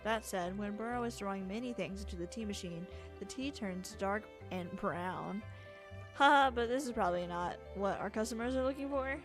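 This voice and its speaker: A woman voicing a gentle forest shopkeeper creature in a video game, reading calm lines with quaint, broken grammar. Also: medium pitch, moderate pace, faint music behind, lightly acted.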